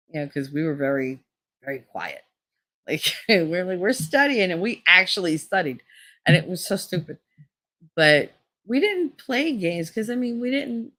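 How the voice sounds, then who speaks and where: A woman in her fifties with a low, gravelly voice, chatting to camera. She rambles through stories, swears freely and laughs often. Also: a bit bright. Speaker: channel host. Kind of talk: casual storytelling.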